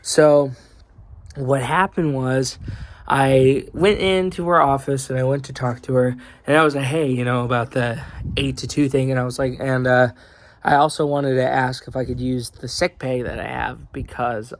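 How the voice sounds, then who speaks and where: A man's voice: mid-range voice, gravelly, no room sound. A young man telling an angry, rambling story in a casual vlog, heavy with swearing and fillers. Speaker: vlogger.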